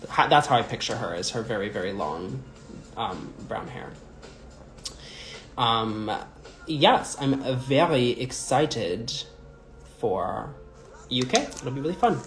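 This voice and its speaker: Young male drag performer, loose chatty livestream delivery, filler-heavy, mid-pitched, roomy echo. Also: very animated, takes it slowly, long pauses. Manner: rambling, chatty, many "like" and "um" fillers. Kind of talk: casual livestream chat answering viewer comments. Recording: echoey room with faint music.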